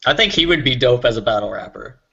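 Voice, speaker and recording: A man's voice: medium pitch, animated, fast talker, vocal fry, sharp tone, breathy edge, lo-fi sound. A man co-hosting a casual hip hop podcast, talking in a playful, joking way. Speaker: podcast co-host.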